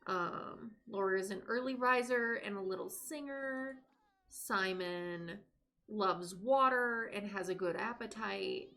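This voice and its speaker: In a mid-range, slightly bright voice, a young streamer talks casually to both her viewers and the characters in the life-sim game she's playing on stream.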